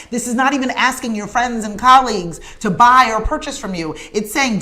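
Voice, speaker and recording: A woman's voice: mid-range voice, animated, fairly quick, hardly any pauses, pushed and bright. A woman hosting a morning show, giving an emphatic, preacher-like motivational message with conversational asides.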